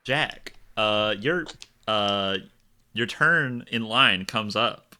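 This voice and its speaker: A man narrating a tabletop game as game master, describing scenes in a halting, stop-start way. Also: on the low side, pushed and bright, smooth.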